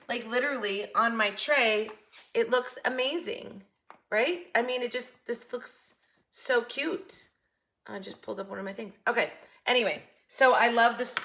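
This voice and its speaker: A woman's voice: a little high, pushed and bright. A woman hosting a craft vlog, showing off her projects in a chatty, enthusiastic way, often restarting her sentences. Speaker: craft channel host. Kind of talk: casual show-and-tell craft vlog.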